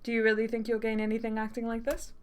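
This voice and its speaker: Composed sharp-tongued game protagonist, dry put-downs, voiced by a woman. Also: fairly high pitch, monotone, quick pace, clean tone, lightly acted. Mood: cutting. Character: cool-headed young player character, sharp-tongued. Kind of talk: reading game dialogue aloud.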